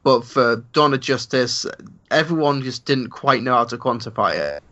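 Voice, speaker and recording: Man, movie podcast co-host, bright sharp voice, dry wit, muffled lo-fi mic. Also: medium pitch, animated, normal speed. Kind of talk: casual movie review chat.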